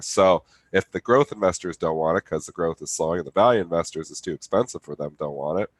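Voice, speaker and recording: A man with a very low voice, his nose so blocked by the flu that every word comes out nasal. He talks markets bluntly and plainly as a co-host. The sound is dry and close, with no room around it. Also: quick pace, few pauses, no room sound. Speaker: co-host trader. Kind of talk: casual market commentary.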